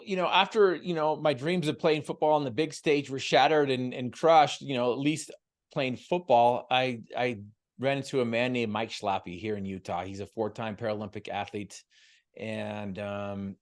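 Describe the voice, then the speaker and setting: A man, a guest on an interview show, telling a personal story in an earnest, emotional way with frequent stumbles and repeated words. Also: medium pitch. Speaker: guest, motivational speaker. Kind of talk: heartfelt storytelling.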